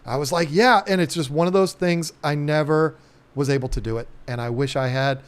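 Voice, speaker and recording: A man with a drawl chats easily on a live stream, his voice sitting a bit high. He rambles along in a folksy way, dropping lots of ums and uhs as he talks. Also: fairly quick, clean tone. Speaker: aquarium channel host. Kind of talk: casual live-stream chat.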